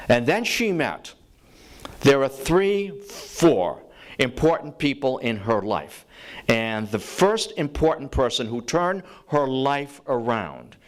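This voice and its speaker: Give me a male teacher telling a story to a class, conversational and full of restarts. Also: medium pitch. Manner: conversational, restarts, frequent "you know" asides; acts out quoted voices. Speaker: teacher and lecturer. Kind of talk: storytelling lecture.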